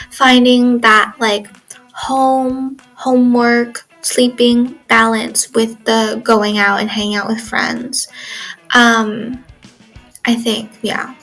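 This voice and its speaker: A sixteen-year-old exchange student records a casual video diary in her bedroom at home, rambling with lots of "like" and "um." Her voice is on the high side with a fairly bright tone, and the recording quality is low.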